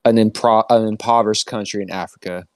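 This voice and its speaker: A man's voice: fairly low pitch, fairly even intonation, quick pace, darkish tone, no echo. A young man rambling in casual chat with friends, laughing often as he talks.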